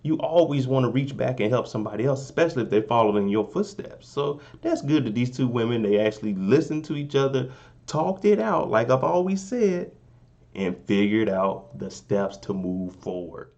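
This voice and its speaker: A young man talks through a show recap in an easy, joking tone. His voice sits at a middle pitch for a man. The recording sounds a little dull and lo-fi. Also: expressive, normal speed, gravelly, darkish tone. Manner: laid-back, joking, keeps saying "you know what I'm saying". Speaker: recap vlogger. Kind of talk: casual recap commentary.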